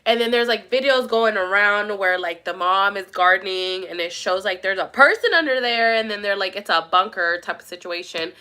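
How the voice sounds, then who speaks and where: A woman's voice: medium pitch, expressive, moderate pace, bright, forceful tone. A young woman talking casually to her viewers, rambling and emphatic, swearing a lot. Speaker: vlogger. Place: at her mother's home.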